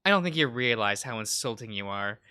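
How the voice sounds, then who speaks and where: A man's voice: on the low side, lively intonation, brisk, bright, forceful tone, smooth, voice pushed down. A man voicing a blunt, fiery young woman florist in a visual novel read-aloud, scolding and bluntly encouraging.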